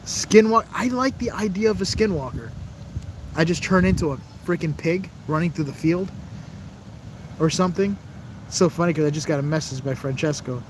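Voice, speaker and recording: Standing outside by the glass of a building where the wind can't reach him, a livestream host reads his viewers' chat and responds in a chatty, rambling way, laughing frequently. His voice is fairly high and expressive at a moderate pace, with a slight hiss or hum in the recording.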